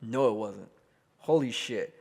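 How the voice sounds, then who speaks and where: A man's voice: medium pitch, unhurried, creaky, a little mellow, breathy edge. A man co-hosting a casual wrestling podcast, telling stories in a heartfelt, profane way. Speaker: podcast co-host. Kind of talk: casual chat.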